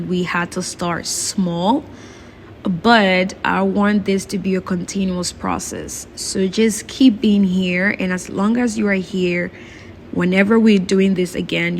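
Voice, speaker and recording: A woman's voice: lowish voice, steady tone, slow pace, gravelly, slight background noise. Earnest grateful woman vlogger. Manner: earnest, grateful, repeats her thanks. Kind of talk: heartfelt vlog talk to viewers. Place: in China.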